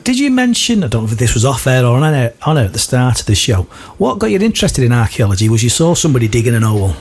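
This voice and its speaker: Husky, lively male radio presenter. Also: mid-range voice, fast. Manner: lively, interjecting questions. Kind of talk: casual radio chat.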